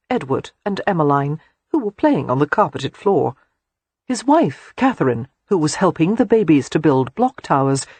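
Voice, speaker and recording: A woman reads a novel aloud with a husky, breathy voice and lively pitch. The sound is dry and close, measured and expressive throughout. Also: dry recording. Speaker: audiobook narrator. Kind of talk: scripted narration.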